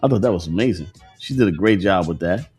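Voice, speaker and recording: A man's voice: low-pitched, animated, fast talker, darkish tone, husky. A man hosting a casual morning livestream, joking, swearing and laughing often, with faint music behind him. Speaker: host.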